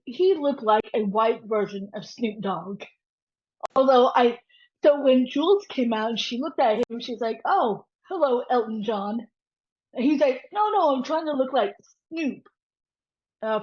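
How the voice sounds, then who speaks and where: A woman guest on an interview show, telling a story and animatedly acting out the voices of the people in it. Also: on the high side. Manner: animated, quotes voices as she tells. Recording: dull lo-fi audio.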